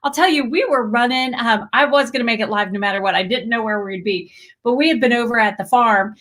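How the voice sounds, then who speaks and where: A woman, hosting a spiritual livestream, talking heartfelt and rambling, with bursts of excited greetings. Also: fairly high pitch, fast. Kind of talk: emotional live stream chat.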